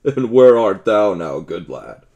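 A man voicing a huge, stout male stranger in an audiobook, loud and bold. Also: fairly low pitch, moderate pace, lo-fi sound, natural voice. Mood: boisterous.

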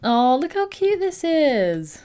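This is a young woman hosting a game playthrough. Her voice sits fairly high and leaps up and down. She sounds endlessly excitable, piling on exclamations as she reacts. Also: slow. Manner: gushing, excitable, many exclamations. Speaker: let's play host. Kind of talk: gameplay commentary.

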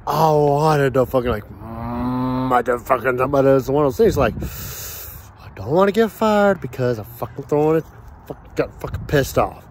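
A man's voice: mid-range voice, lively intonation, normal speed, a little hiss or hum. Man, casual rant, heavy swearing, outdoors, faint passing cars. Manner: profane, heated storytelling. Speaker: vlogger. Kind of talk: casual ranting monologue. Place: outdoors at a grill.

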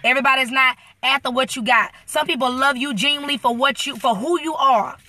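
A woman hosting a live-stream inspirational talk, animated and preacherly, speaking straight to her viewers. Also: high-pitched, brisk, no room sound. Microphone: phone.

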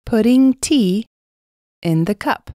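Slow woman narrating picture vocabulary. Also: a little high, expressive, warm tone, no echo, clean studio sound. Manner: clear, repeats single words. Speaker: English teacher.

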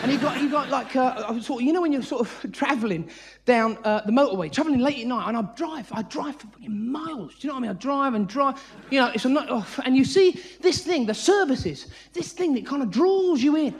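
A man with a British accent doing a live stand-up routine on a theatre stage, manic and breathless, laughing as he goes and jumping into high squeaky voices. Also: expressive, fast. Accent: British English. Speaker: stand-up comedian. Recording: live show recording, audience noise.

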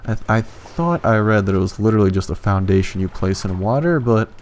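A young man doing let's play commentary, excitable and swearing often, jumping into high yelps when frustrated. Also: a little fast, a little hiss or hum. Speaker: gaming YouTuber.

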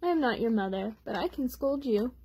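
A woman voicing a gentle, caring female polar bear in a picture-book read-aloud, speaking calmly and soothingly. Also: fairly high pitch, fairly quick, husky, low-quality recording. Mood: scolding.

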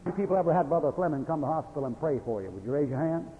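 A man's voice: on the high side, expressive, very fast, slight background noise. An older man, a Baptist preacher delivering a folksy sermon, telling stories with chuckles and breaking into angry tirades. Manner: folksy storytelling with sudden angry outbursts and chuckles. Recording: tinny phone-like old radio broadcast in a hall.

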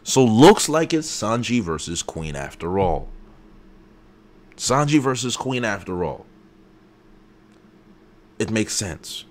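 Hyped-up man reacting loudly. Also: lowish voice, takes it slowly, long pauses, a little hiss or hum. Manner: excitable, hype, loud outbursts. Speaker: channel host. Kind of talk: live comic reaction.

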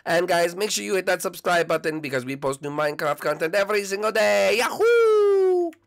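A man's voice: high-pitched, quick pace, vocal fry, a bit bright. A man as a gaming YouTuber opening a roleplay video, upbeat, rambling and repetitive. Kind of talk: game roleplay intro.

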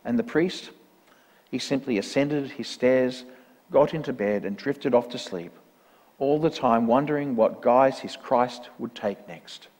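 A man reading a parable aloud in a church service, in a measured, earnest storytelling manner. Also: medium pitch, darkish tone. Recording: long church reverb.

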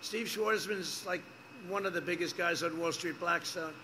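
An older man delivers a rambling campaign rally speech, circling back to the same points and throwing asides to the crowd. His voice is high and strikingly bright, almost piercing. A faint open-air murmur sits behind the podium microphone. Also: moderate pace, a little hiss or hum. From United States. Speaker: politician speaking at a rally. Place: outdoor airport rally.

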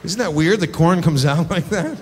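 A man performing stand-up comedy, telling crude, exasperated stories with quick acted asides. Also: fairly high pitch, animated, a little mellow, some chatter behind. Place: theater stage. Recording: live show in a large hall, audience noise.

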